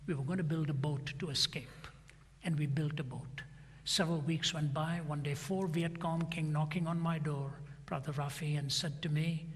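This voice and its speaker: Older male preacher, raised husky tone, dramatic storyteller voicing every part; long hall reverb. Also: on the high side, fairly even intonation, moderate pace. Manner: dramatic retelling, acting out each side of a dialogue. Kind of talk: sermon storytelling.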